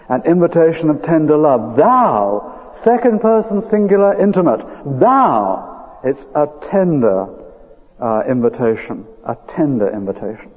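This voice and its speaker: Older preacher on tinny radio. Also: male voice, fairly high pitch. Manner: earnest, emphatic, rising with feeling, drawn-out stresses. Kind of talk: sermon. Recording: phone-like old radio broadcast with long reverb.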